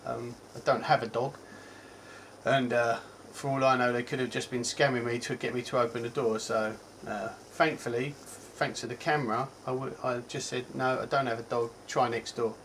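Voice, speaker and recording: A man from England with a Cockney accent gives a casual, rambling product review as a tech reviewer, chatty and full of ums and self-corrections. His voice is medium in pitch and a bit bright, with fairly even intonation and a moderate pace. The recording is rough, with slight background noise.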